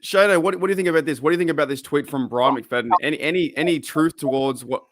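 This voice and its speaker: A man's voice: fairly high pitch, fast, fairly bright tone, dry recording, clean studio sound. A man with an Australian accent hosting a podcast in loose, rambling casual chat, full of restarts. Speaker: podcast host.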